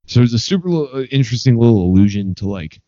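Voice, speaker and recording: A man's voice: medium pitch, animated, fast talker, warm tone, no room sound, highs cut off. A man co-hosting a podcast, giving rambling hot takes in casual chat with lots of fillers. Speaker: podcast co-host.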